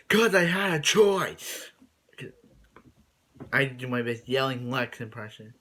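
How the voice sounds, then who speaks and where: A man's voice: mid-range voice, a bit bright. Rambling young man recapping an episode. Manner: rambling, repeats and restarts while recapping. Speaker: show reviewer.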